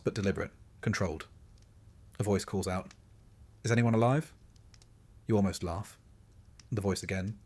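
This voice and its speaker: A man narrating a scripted sleep story in calm, even second-person storytelling. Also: deep voice, breathy edge.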